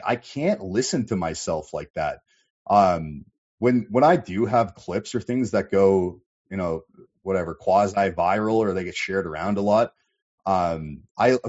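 Low male voice, casual livestream host, rambling, swears a lot, dull lo-fi sound. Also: darkish tone. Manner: rambling, profane, many fillers. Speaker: livestream host reading chat.

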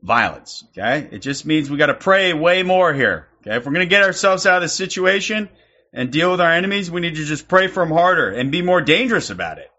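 A man streaming and reacting to clips, sarcastic and profane, working himself into excited outbursts. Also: on the high side, brisk, muffled recording. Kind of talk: mocking commentary.

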